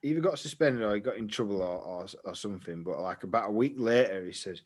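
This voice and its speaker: A man's voice: lowish voice, animated, quick pace, hardly any pauses. A young man, casually telling a long story on a podcast, rambling and swearing freely. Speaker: podcast co-host.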